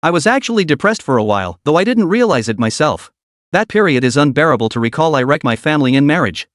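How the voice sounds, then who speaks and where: A composed, remorseful businesswoman chairman, put on by a male narrator in a storybook recap. She speaks calmly and earnestly, fairly high and very lively in pitch. The sound is dry and close. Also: fast, no echo. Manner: calm, earnest public speaking.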